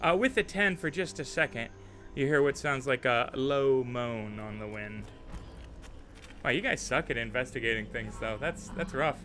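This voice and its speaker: A man narrating a tabletop game as game master, relaxed and chatty with frequent fillers. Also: mid-range voice, normal speed, faint music behind.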